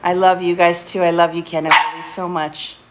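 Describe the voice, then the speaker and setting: A woman's voice: on the low side, flat delivery, fairly quick. Candid, laughing woman on a live stream. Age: adult, getting older. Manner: candid, swears often, laughs between thoughts. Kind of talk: casual live-stream talk. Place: at home with a pet.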